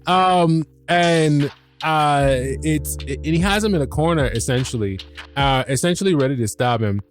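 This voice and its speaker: A man hosting a podcast, recapping an episode in a casual, excitable way, swearing freely and restarting his sentences. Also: on the high side, normal speed, soft background music. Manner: animated, swears freely, many restarts and fillers. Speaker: podcast host.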